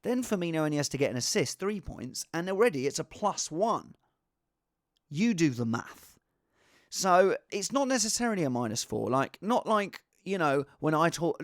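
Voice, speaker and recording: A man giving casual, rambling fantasy football advice in an excitable, self-deprecating way. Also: fairly high pitch, moderate pace, no room sound, clean studio sound.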